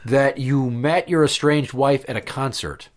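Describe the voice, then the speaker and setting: A man's voice: mid-range voice, measured pace, background noise. Male host, casual crude banter, sarcastic and profane. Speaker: podcast host.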